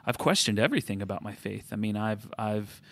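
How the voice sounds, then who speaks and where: Male co-host, 30s, low pitch, dry close sound, reflective faith chat with restarts. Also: lively intonation, brisk, fairly bright tone, no room sound. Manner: reflective, self-correcting, with frequent restarts. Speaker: podcast co-host. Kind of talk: casual faith conversation.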